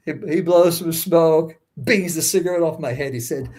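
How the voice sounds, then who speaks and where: Husky older man telling a wild story. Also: a little high, normal speed, few pauses, a little mellow. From United States. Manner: vivid, profane, acts out voices. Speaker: guest. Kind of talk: storytelling interview.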